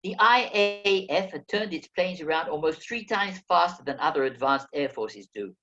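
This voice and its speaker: A man narrating a first-person memoir as an audiobook reader, telling the story in a lively way. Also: on the high side, moderate pace, dull audio. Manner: lively storytelling, acting out quoted speech.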